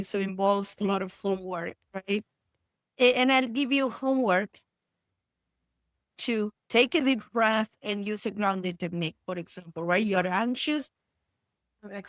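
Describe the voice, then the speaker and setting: A woman's voice: a little high, dry recording. A woman from Argentina speaks as a therapist guest in an interview. She is blunt and profane, and she often acts out what her clients say. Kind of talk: candid interview talk.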